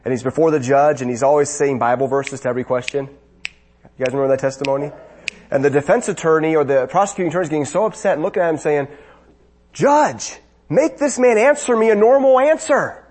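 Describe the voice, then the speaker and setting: A man's voice: mid-range voice, fairly even intonation, very fast, darkish tone, a little hiss or hum. A man preaching a sermon, asking rhetorical questions and building to emphatic bursts.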